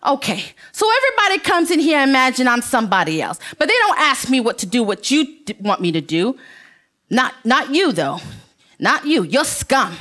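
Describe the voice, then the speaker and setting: A woman's voice: high voice, big pitch swings, normal speed, bright, forceful tone, exaggerated voice. A woman acting a tough, scornful working-class prostitute on a theater stage. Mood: angry. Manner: blunt, scornful street talk. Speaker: stage actor. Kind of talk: live stage play acting.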